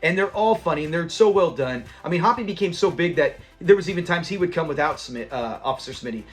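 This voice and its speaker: A man reviewing a TV episode in a casual, animated retelling, laughing often and acting out the characters' lines. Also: on the high side, fast, soft background music.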